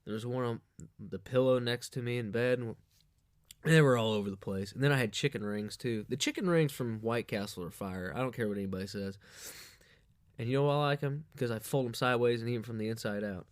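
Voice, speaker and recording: A man's voice: medium pitch, a little fast, no echo, studio quality. A man hosting a podcast, telling a crude, rambling comic story with lots of swearing and bragging. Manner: profane, boastful, loose storytelling. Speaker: podcast host.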